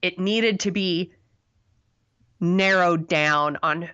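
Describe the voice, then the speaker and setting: A woman's voice: on the low side, extremely slow, bright, forceful tone, clean tone, highs cut off. A woman co-hosting a podcast, talking through a movie review in a loose, rambling way with lots of fillers and self-deprecating laughs. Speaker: podcast co-host. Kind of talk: casual movie review chat.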